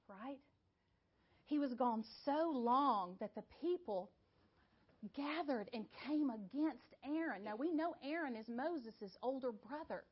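A woman teaching a sermon, telling the story with animated rhetorical questions. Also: high-pitched, breathy edge, dull audio. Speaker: Bible teacher.

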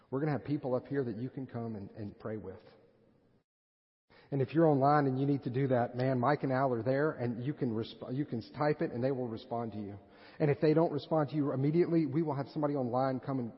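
A male pastor preaching a sermon, telling a story with mounting emotional intensity. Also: mid-range voice. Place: church sanctuary. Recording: echoey hall, dull lo-fi sound.

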